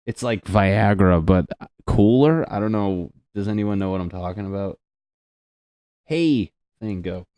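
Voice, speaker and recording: A man's voice: on the low side, a little slow, dark tone, dry recording. A young man hosting a solo comedy podcast, rambling and swearing, laughing at his own jokes, close on the mic. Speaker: podcast host.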